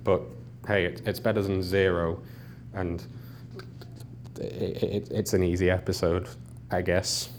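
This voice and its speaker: A man's voice: sits low, little pitch movement, measured pace, long pauses, a little hiss or hum. A young man with a Liverpool accent, a podcast correspondent joking dryly and mocking himself. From England. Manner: dry, self-mocking. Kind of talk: joking interview chat.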